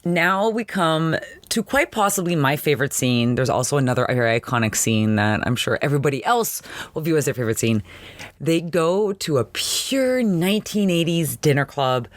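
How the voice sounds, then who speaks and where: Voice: mid-range voice, expressive, normal speed, dry recording. A podcast host recapping a TV episode in a chatty, nerdy way and laughing at their own nitpicks.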